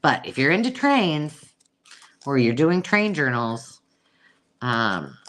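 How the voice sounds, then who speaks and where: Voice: medium pitch, big pitch swings, takes it slowly, fairly bright tone. A host chatting casually through a live sale, self-mocking and cooing over old pictures. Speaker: host selling vintage books.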